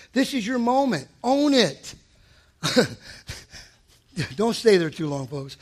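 High, bright-voiced preaching pastor. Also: male voice. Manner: emphatic, rising to shouts for emphasis. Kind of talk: sermon. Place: church service on a weeknight.

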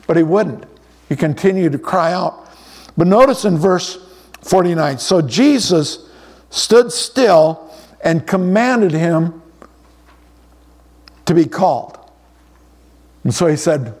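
Middle-aged guy pastor giving a sermon, kinda high voice, talks like chatting, says it it it a lot. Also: lively intonation, a little slow, long pauses, darkish tone. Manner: conversational preaching with repeated stammered restarts.

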